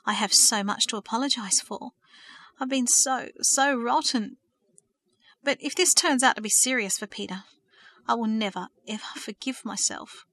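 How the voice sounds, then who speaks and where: A tearful young man begs forgiveness, his voice shaking and breaking into sobs, as a woman reader puts him on. The tone is bright and the sound close and dry, with no room around it. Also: fairly high pitch, moderate pace, no room sound. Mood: pleading. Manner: shaky, sobbing pleas.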